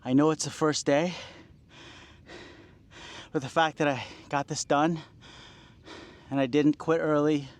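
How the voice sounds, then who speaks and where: A man's voice: on the high side, fairly even intonation, measured pace, long pauses, low-quality recording. A man in his forties, out of breath, talking to the camera during a workout at the beach, poking fun at himself and cheering himself on between sighs and laughs. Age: 40s. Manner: self-deprecating, encouraging himself, sighs and laughs between sets. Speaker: vlogger. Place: outdoors at a beach.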